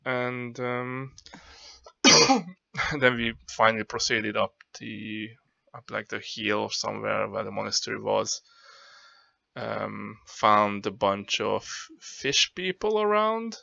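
A man tabletop player loosely retells what his group did, filling gaps with fillers. His low voice is gravelly and bright. The audio is dry and dull, like an online call. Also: slow pace, dry recording. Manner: rambling, loose, with many fillers. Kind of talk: casual recap of a tabletop game.

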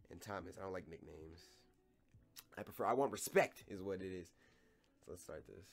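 A young man chatting casually over a game for his viewers, joking and rambling as he plays. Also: fairly low pitch. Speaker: gaming YouTuber. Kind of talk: casual gameplay commentary.

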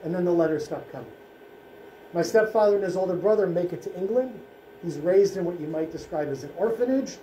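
Rabbi guy talking to a school class, high-ish but super dark tone, echoey room with faint hum. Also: brisk. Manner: solemn storytelling, short punchy phrases. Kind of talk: school presentation.

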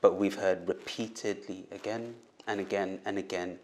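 Earnest low-voiced male host. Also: steady tone, normal speed. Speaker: host, doctor. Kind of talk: interview questions.

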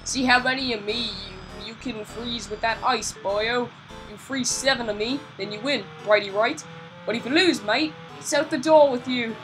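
A woman voicing a smug male ghost who collects jars and taunts the player, in a mock rough accent. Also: a little high, moderate pace, music in the background, close to an everyday voice, poor audio. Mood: taunting.

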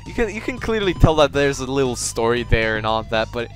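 A man's voice: mid-range voice, very animated, a little fast, soft background music. A man chatting casually with a friend while gaming, reacting and laughing easily. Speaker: gamer. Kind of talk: casual gameplay chat.

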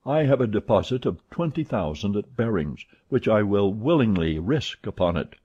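A man voicing a calm, precise English gentleman who speaks in a measured, composed way, with a husky voice on a dull recording. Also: lowish voice.

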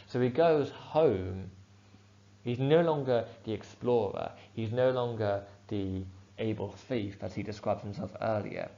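Male teacher, low voice, steady explanatory delivery, dull-sounding recording. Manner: clear, measured explanation with fillers. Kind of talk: poetry analysis lesson.

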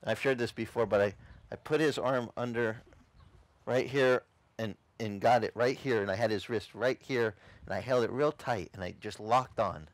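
A man's voice: medium pitch, moderate pace, dry recording. A man preaching, a pastor telling a testimony in a dramatic, storytelling way and acting out the scenes he describes. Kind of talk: testimony sermon. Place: outdoor beach service.

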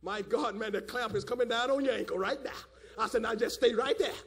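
A man's voice: very high-pitched, fairly quick, fairly bright tone. A man preaching a fiery sermon at a church service, hollering and repeating "my God, man". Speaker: elder preaching.

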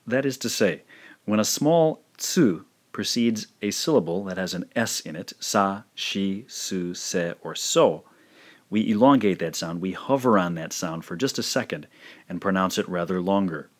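A man narrating a recorded language lesson, speaking slowly and carefully and repeating each pronunciation. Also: low-pitched, lively intonation. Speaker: language teacher.

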